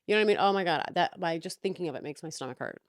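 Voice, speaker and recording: Young woman podcast host, fired-up profane rant, lowish voice, dry close sound. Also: rapid-fire, no echo. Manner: heated, profane, animated venting. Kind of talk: casual storytelling rant.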